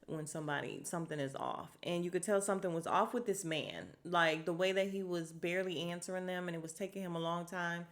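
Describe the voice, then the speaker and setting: A woman talks through a reality show recap on her own podcast. She is chatty and exasperated and acts out what the cast said. Her voice sits a little low. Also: steady tone, fairly quick, hardly any pauses. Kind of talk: casual solo recap.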